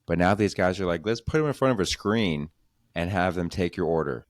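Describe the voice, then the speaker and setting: Deep-voiced man hosting a podcast. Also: fairly quick, no echo, clean studio sound. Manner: crude, rambling, does mocking voices. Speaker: podcast host. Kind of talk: casual comedy podcast chat.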